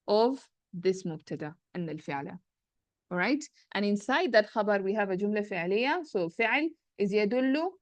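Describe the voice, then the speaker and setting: A woman teaching an Arabic grammar lesson, reading passages quickly and then explaining them slowly and patiently, checking often that her students follow. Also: mid-range voice, dry recording. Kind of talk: classroom lesson, explaining and translating a text.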